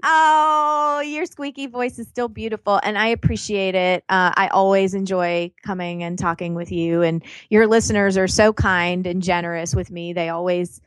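A woman's voice: medium pitch, steady tone, moderate pace, few pauses, no echo. Emphatic, encouraging woman guest, dry close sound, casual chat. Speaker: podcast guest.

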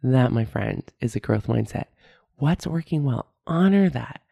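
A woman's voice: extremely low pitch, animated, measured pace, creaky, warm tone, breathy edge, dry recording, studio quality. A woman hosting her own podcast, talking candidly about feelings, often laughing at herself and repeating key phrases. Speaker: podcast host. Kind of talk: reflective solo podcast talk.

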